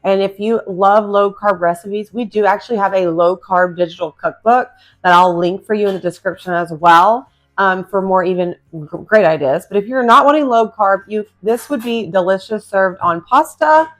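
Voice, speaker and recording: A woman's voice: mid-range voice, normal speed. A woman hosting a home cooking video, chatty and enthusiastic, talking straight to her viewers as she cooks. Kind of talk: casual cooking demonstration. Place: home kitchen.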